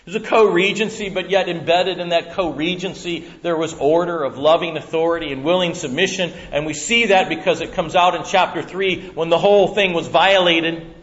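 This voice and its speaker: A man preaching a Bible-teaching sermon in an animated way, acting out voices and laughing often. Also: high-pitched. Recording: muffled lo-fi recording.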